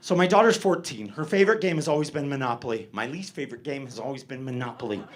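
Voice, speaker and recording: A man's voice: mid-range voice, fast talker, slight background noise. A middle-aged man doing a stand-up set, rambling and profane, laughing at his own jokes. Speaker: stand-up comedian.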